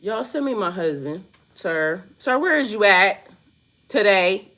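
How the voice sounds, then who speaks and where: A woman reacts to a news clip with casual, profane commentary, laughing often and speaking loudly and playfully. Her voice is medium-pitched and sing-song, and she talks very slowly with frequent pauses.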